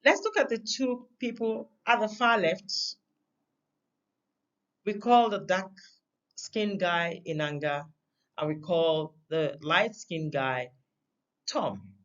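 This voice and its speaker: A woman teaching a recorded lesson on communication, with an emphatic delivery that stresses words through sharp changes in pitch and loudness. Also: slow, long pauses, highs cut off.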